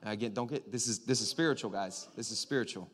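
A man preaching a sermon in a lively, joking way, getting the congregation to call back to him. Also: on the low side, quick pace. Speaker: pastor.

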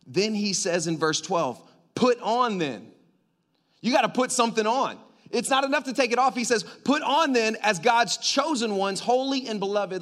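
Preaching man, loud then whispered. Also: high voice. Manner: swings from loud emphatic preaching to hushed near-whispers; conversational, addresses congregation directly. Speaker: pastor. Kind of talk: sermon.

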